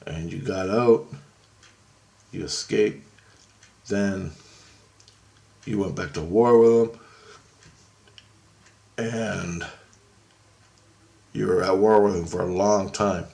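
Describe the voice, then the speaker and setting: A man voicing a calm male divine figure who explains things in a measured way. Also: low-pitched, gravelly, full character voice. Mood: explaining.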